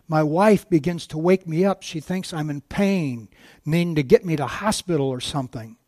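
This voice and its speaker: A man's voice: fairly high pitch, normal speed, darkish tone, no echo. A man giving a sermon as a guest preacher, telling a story with many restarts and asides to the congregation.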